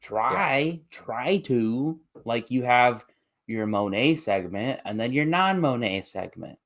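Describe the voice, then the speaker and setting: A man's voice: mid-range voice, animated, slow pace, a bit bright. A man co-hosting a podcast, chatting and speculating casually with many "like" fillers. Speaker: podcast co-host. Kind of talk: casual chat.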